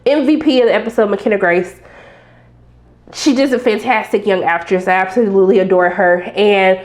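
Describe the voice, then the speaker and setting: A young woman giving a casual, animated TV episode recap, talking back sassily to the characters. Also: medium pitch, normal speed, reverberant. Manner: animated and sassy, acts out reactions to the characters. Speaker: TV recap reviewer.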